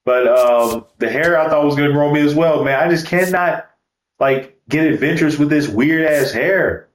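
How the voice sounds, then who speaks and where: A man's voice: fairly high pitch, normal speed, reverberant, poor audio. A man giving loose, joking commentary while playing a baseball video game, swearing casually. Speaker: gaming YouTuber.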